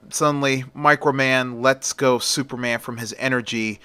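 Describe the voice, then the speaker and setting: A man's voice: mid-range voice, fairly even intonation, moderate pace, hardly any pauses, bright, forceful tone, clean tone, no room sound. A man casually retelling a superhero story in a plain, conversational way.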